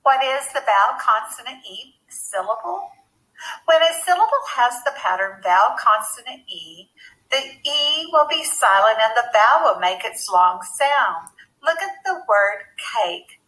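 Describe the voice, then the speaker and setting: Slow-spoken woman teaching phonics. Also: fairly high pitch, lively intonation, pushed and bright, low-quality recording. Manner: slow, clear, deliberate teacher talk. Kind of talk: phonics lesson for children.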